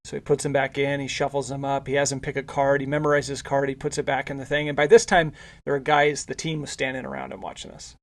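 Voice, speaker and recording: A man's voice: mid-range voice, fast. A male podcast host telling a casual anecdote, rambling with frequent restarts and repeated words. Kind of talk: casual storytelling.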